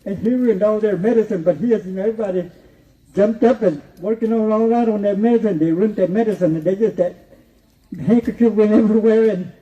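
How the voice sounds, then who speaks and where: A man's voice: sits high, a little fast. A man telling a spoken story, rambling and repetitive, often chuckling to himself. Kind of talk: oral storytelling. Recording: distant, dull lo-fi recording.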